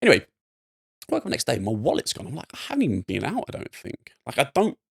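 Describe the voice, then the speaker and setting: A young man from England telling a personal story as a podcast guest, rambling and animated with lots of fillers. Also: mid-range voice, fast talker, gravelly, slightly rough. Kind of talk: casual storytelling.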